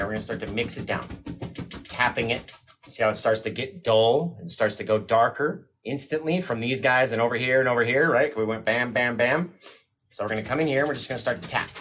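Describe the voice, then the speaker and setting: A man teaching a live painting lesson, excited and chatty with viewers, a bit teary and sniffly. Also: mid-range voice, a little hiss or hum. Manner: excited, talks to chat while painting. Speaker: painting instructor.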